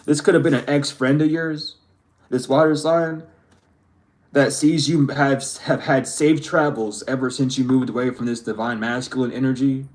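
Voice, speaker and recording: A man's voice: mid-range voice, steady tone, moderate pace. A man giving a spiritual reading to his viewers, ranting emphatically and swearing freely. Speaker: tarot reader.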